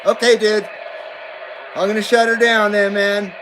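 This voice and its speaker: Laid-back man hosting a radio stream. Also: high voice. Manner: laid-back, chatty, drawn-out words, mild swearing. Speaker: CB radio livestream host. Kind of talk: casual livestream chat reading out viewer comments. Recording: steady background noise.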